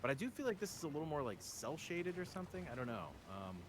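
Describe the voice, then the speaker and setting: A man's voice: a little high, very animated, quick pace, noisy background. An American man chatting casually and joking as a guest on a game stream. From United States. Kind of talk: casual chat while playing a game. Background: game music.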